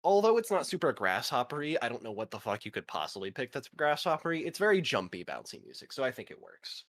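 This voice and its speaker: A man's voice: medium pitch, very animated, quick pace, a bit bright. A man in his twenties chatting casually with a friend, swearing now and then and reading facts aloud. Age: 20s. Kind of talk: casual chat.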